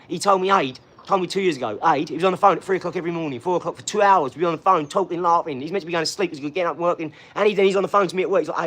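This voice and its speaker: A loud, hyped middle-aged man hosting a live stream, full of streetwise banter. His voice sits a little high for a man and jumps up whenever he gets excited. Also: quick pace. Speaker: livestream host. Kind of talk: casual live-stream chat.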